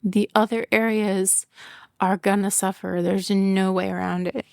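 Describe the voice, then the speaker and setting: A woman's voice: medium pitch, little pitch movement, measured pace, gravelly, darkish tone, no room sound, studio quality. A woman hosting her own podcast, talking candidly about work and family in a rambling, casual way, with lots of "like", swearing and laughter. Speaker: podcast host; business owner and mother. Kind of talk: casual personal monologue.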